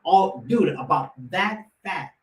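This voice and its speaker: Man guest, lively storyteller, slightly high voice, echoey room, off-mic with faint hiss. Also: takes it slowly. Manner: animated, acts out quotes with lots of restarts. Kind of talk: casual storytelling. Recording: roomy echo, mic at a distance, faint noise.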